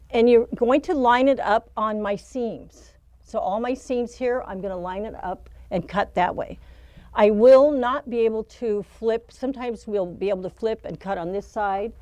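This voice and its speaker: A woman's voice: a little high, moderate pace, a little mellow, no echo. Chatty woman demonstrating quilt strips. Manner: chatty, laughs at her own slips. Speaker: quilting instructor. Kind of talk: casual hands-on demonstration.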